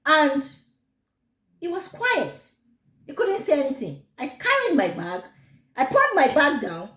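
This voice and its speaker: A woman with a Nigerian accent telling a personal story to camera, animated and quick to laugh. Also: high-pitched. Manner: animated, laughs often, gives advice. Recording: echoey room.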